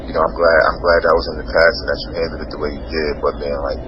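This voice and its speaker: A man's voice: extremely low pitch, level tone, racing. A man talking as a podcast guest in a loose, laid-back way, using slang and swearing. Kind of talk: casual conversation. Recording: dull lo-fi sound with noise.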